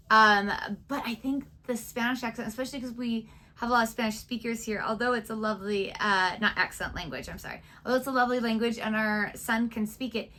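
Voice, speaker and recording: A woman's voice: fairly high pitch, fairly bright tone. A woman co-hosting a reaction video, giving opinions in a chatty, casual way. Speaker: co-host of a reaction channel.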